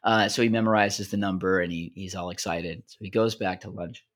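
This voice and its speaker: A man with a fairly low voice co-hosts a casual podcast. He tells jokes in an animated, rambling way, full of fillers and restarts. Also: fairly quick. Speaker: podcast co-host. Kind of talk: casual chat, storytelling.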